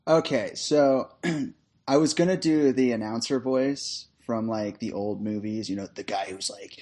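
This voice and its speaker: A man's voice: medium pitch, measured pace, darkish tone. A man guesting on a casual podcast, reading a jokey movie synopsis and laughing often. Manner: playful, laughs often, reads a mock trailer.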